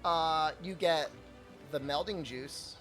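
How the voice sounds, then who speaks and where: A man's voice: fairly high pitch, slow, fairly bright tone, faint music behind. A man streaming a video game, chatting casually with his chat, answering questions and laughing often.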